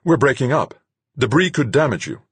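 Guy doing a tough lady captain barking short orders, husky. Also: lowish voice, expressive, a little fast, dry recording, voice pushed up. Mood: commanding. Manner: curt, commanding. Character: tough female ship captain, commanding.

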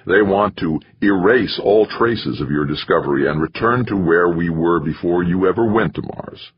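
A man voicing a grave, earnest middle-aged university president and bishop who speaks in a measured, consoling way. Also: deep voice, noisy background, pitched above the performer's own voice, lightly acted. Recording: muffled lo-fi recording.

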